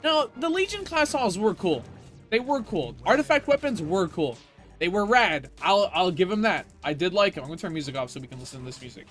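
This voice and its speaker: High voiced streamer guy ranting about a game, cussing a lot, some quiet music in the back. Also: very animated, brisk. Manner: ranting, profane, offhand. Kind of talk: casual gaming commentary.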